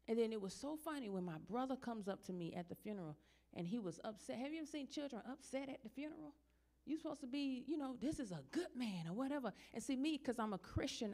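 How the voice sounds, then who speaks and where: In a church, a middle-aged woman minister delivers a sermon, speaking plainly to the congregation before rising into loud, high, emphatic passages. Her voice carries vocal fry.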